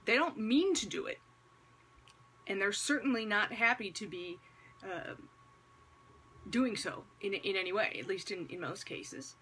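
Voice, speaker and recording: A woman's voice: mid-range voice, unhurried, long pauses, a bit bright, a little hiss or hum. A woman talking to camera in casual vlog commentary with a religious message, wry and conversational, posing rhetorical questions and slipping in sarcastic asides. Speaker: vlogger.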